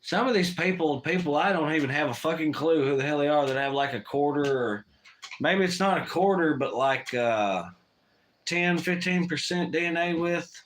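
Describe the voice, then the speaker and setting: A man's voice: fairly high pitch, normal speed, a bit bright. Profane, rambling livestream guy. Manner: profane, rambling, reads chat aloud. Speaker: livestream host. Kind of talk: casual livestream chat.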